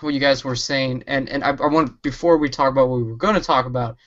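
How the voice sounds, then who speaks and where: A man joining a casual review chat over his computer mic, quick and excited, rushing through his sentences. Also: medium pitch, muffled recording. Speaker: show panelist. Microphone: computer mic on an online call.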